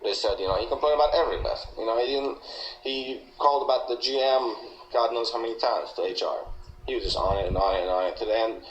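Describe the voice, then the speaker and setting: This is a recorded interview with a Malaysian man, a former coworker, who tells his story earnestly and emphatically, often restarting and repeating words. He has a medium-pitched voice and a fast delivery. The audio has its high frequencies cut off and was captured in an echoey room with faint noise.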